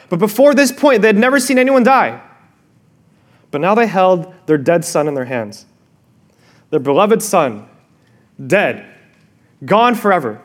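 A male pastor preaching a sermon, expressive, dropping to a hush and rising again, asking the listeners questions directly. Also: high-pitched, normal speed. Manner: expressive, swings from loud to hushed.

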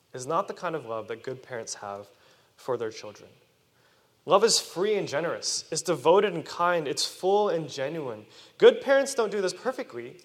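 Lively man preaching in a hall. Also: fairly high pitch. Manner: animated, questions the audience. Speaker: youth preacher. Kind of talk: sermon to children. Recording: long reverb of a hall.

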